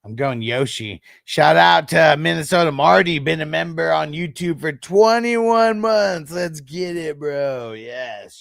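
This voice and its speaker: Laid-back gravelly man hosting a livestream. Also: on the high side, unhurried, few pauses, fairly bright tone, dry recording, clean studio sound. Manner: laid-back, slangy, swears and laughs easily. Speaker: fantasy football livestream host. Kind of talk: casual livestream chat answering viewers.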